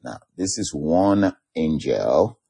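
A man's voice: extremely low pitch, animated, takes it slowly, vocal fry, dark tone, breathy edge. A man preaching a sermon, laughing often and drawing out key phrases for emphasis.

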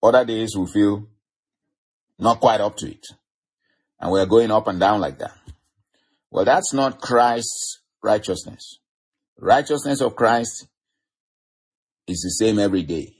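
A man preaching a sermon, teaching slowly and emphatically, stretching key words and chuckling now and then. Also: on the low side, slightly rough. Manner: slow, emphatic teaching with chuckles and varied pace.

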